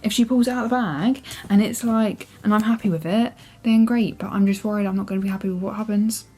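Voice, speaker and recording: A young woman reacting out loud to a book she is reading, exasperated, swearing and scolding the characters, sometimes dropping to a whisper. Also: medium pitch, fast. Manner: drops into whispers at times. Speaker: book vlogger. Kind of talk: casual reading vlog reactions.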